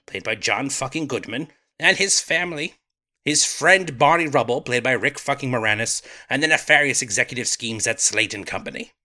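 A stately, pompous British bird testifies before a court, as a man puts him on for a comedy podcast. His put-on accent is bright and crisp, and his pitch swings widely as he declaims. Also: animated, normal speed. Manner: formal, stately courtroom address. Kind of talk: comedic dramatic reading.

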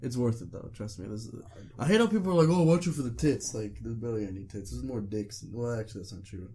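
A man's voice: medium pitch, quick pace, warm tone. A teenage boy chatting casually on a vlog, loose and joking, swearing often. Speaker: vlogger. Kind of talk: casual chat. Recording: faint background noise.

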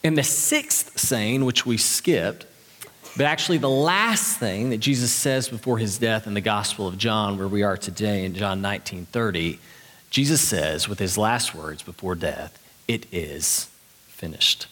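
A pastor delivering a sermon in a church, earnest and conversational with light humor. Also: male voice, on the low side, normal speed, a bit bright. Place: church sanctuary. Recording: long reverb of a large hall.

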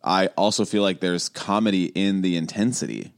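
Intense, animated man with a low voice. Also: moderate pace, vocal fry. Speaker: podcast co-host. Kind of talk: casual chat.

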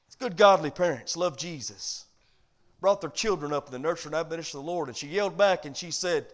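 A man pastor preaching a sermon, animated and calling for amens. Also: fairly high pitch, brisk. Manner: animated preaching, calls for amen.

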